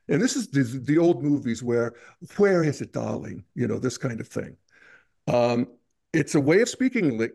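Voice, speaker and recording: A man's voice: mid-range voice, darkish tone. A man hosting a casual film discussion, talking in a rambling, hesitant way with many restarts. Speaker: podcast host.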